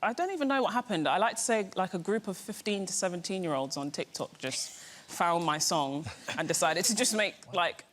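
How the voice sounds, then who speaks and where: A woman's voice: lowish voice, expressive, a little fast, a bit bright. A young woman with a London accent on a talk show, rambling modestly and laughing at herself. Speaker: singer guest.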